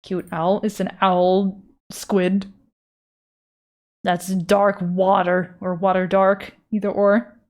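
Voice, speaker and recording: A woman's voice: mid-range voice, little pitch movement, slow pace, long pauses, a little mellow. A woman streamer talks casually to her audience while she draws, swearing freely and riffing on whatever chat brings up. Her delivery is loose and unpolished, the easy patter of someone half-focused on the canvas. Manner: loose and profane, answering chat while drawing. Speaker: art streamer reading chat.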